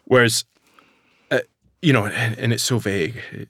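A man's voice: medium pitch, a little slow, gravelly, a bit bright, slightly rough, no echo, studio quality. A man with a Northern English accent in a casual podcast conversation, talking enthusiastically with lots of restarts and fillers. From Northern England. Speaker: nut producer and guest.

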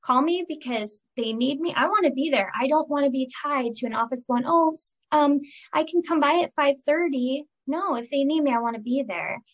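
A woman in her forties, a guest on a casual podcast interview, talking earnestly and emotionally with halting restarts. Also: sits high, dull audio. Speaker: guest, virtual assistant.

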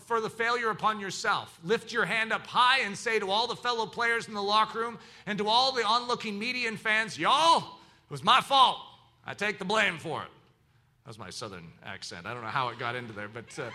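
A man's voice: high voice, big pitch swings, brisk, sharp tone. A man preaching a sermon as pastor, teaching in an emphatic, preacherly way.

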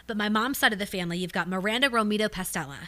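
A woman's voice: medium pitch, rapid-fire, crowd noise. A woman from Ohio in her thirties, a news anchor chatting as a podcast guest, enthusiastic and emphatic, often laughing. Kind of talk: casual chat.

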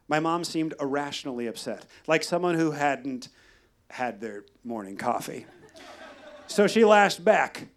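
A man telling a wry, deadpan personal story at a live storytelling show. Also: a little high, measured pace. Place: live venue.

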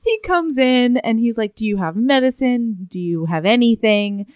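A woman's voice: on the high side, animated, a little mellow, clean tone, dry recording, studio quality. A woman co-hosting a casual podcast, retelling a story in a chatty way and acting out the lines of the people in it. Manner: chatty, quick retelling with acted quotes. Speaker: podcast co-host. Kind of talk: casual chat, recapping a book.

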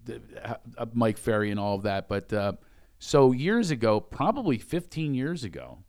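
A man's voice: mid-range voice, very animated, normal speed, a little mellow, clear, resonant tone. A man hosting a podcast in his office, chatty and joking, laughing often. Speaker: podcast host. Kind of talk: casual chat.

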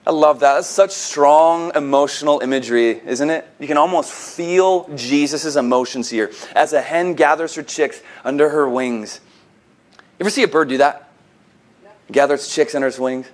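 A male pastor preaching a sermon, telling a scene vividly and swinging between hushed, slow lines and emphatic, rising ones. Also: on the high side.

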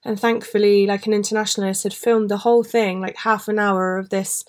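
A woman's voice: mid-range voice, level tone, fairly quick, a little mellow. Woman podcast host, casual emotional monologue, lots of "like"s. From England. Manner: rambling, emotional, many fillers. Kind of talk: personal monologue.

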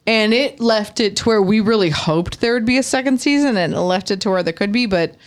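A woman co-hosting a relaxed podcast, talking at an everyday pitch. She is chatty and laughs easily. Now and then she repeats a word playfully. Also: brisk. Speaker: podcast co-host. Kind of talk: casual chat.

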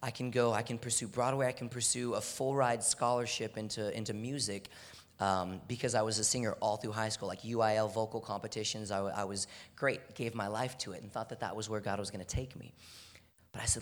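A young man from Houston, preaching earnestly, sometimes dropping to a hushed voice. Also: on the low side, brisk. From Houston, Texas. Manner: earnest, animated preaching with soft, hushed moments. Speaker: speaker. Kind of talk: sermon. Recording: long hall reverb.

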